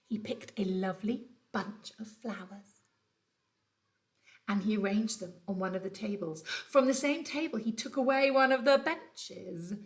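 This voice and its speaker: A woman teacher reading a children's storybook aloud from home, telling it in an animated, dramatic way. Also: medium pitch, measured pace. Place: at home during lockdown.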